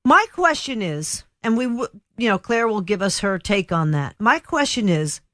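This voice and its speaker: A woman's voice: medium pitch, very animated, moderate pace, a bit bright, dry recording. Woman, radio talk host, chatty, emphatic, rambling, dry close sound.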